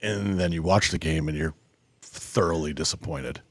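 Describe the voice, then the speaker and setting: This podcast co-host has a bass voice and speaks at a moderate pace. He chats casually, spinning rambling stories full of profanity.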